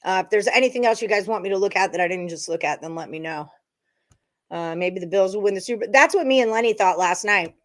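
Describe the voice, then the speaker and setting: A woman's voice: mid-range voice, quick pace. A woman hosting a live sports betting stream, chatting casually and thinking aloud to her viewers as she goes through picks. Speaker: sports betting show host.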